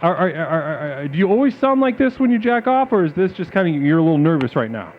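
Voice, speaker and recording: A man hosting a comedic call-in show, talking like a calm guru and then breaking into sudden crude outbursts. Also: high-pitched, fast, slight background noise. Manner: mock-serene guru talk, abrupt crude outbursts. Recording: phone-like lo-fi sound with faint music.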